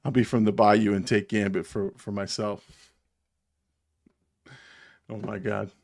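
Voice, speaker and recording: A man's voice: on the low side, level tone, unhurried, creaky, darkish tone. A man with a New Jersey accent hosts a live stream and chats casually with his viewers. He rambles from one thing to the next and chuckles often as he talks.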